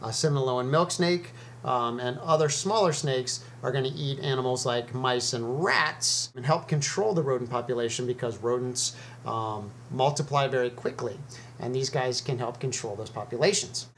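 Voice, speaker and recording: This snake educator talks casually to camera in his own video, relaxed and peppered with ums and uhs. His voice is mid-range and fairly bright at normal speed, with slight hiss or hum in the recording.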